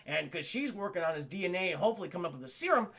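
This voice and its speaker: A man streamer casually recapping a story to his chat, rambling, profane and excitable. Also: sits high, very fast.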